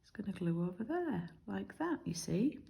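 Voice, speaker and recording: A woman's voice: mid-range voice, very animated, moderate pace, vocal fry, dark tone, poor audio. A woman from the UK giving a chatty, step-by-step card-making tutorial, explaining as she works. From United Kingdom. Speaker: craft demonstrator.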